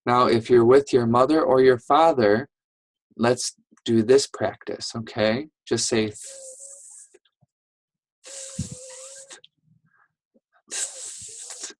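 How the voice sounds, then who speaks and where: A patient teacher guiding young children through a reading lesson at an unhurried pace, often checking in and praising them. The voice sits in a middle pitch and sounds dry and close, with no room echo. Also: fairly even intonation. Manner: patient, encouraging, checks in with "right?" and "okay?". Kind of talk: online reading lesson for first graders.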